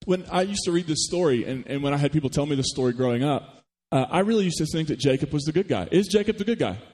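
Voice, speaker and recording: A man preaching a sermon, retelling a story with animated rhetorical questions to the congregation. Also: a little high, fast, breathy edge, big-room sound. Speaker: pastor. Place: church.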